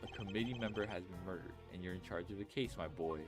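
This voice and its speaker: A man putting on a soft-hearted older gentleman in a game, fatherly and theatrical, prone to tears. The voice sits fairly low, with game music clearly playing behind. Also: fast, natural voice. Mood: sentimental, avuncular. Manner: grandfatherly and teary. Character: genial elderly man, sentimental, theatrical, fatherly. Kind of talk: fan voice-over of a game.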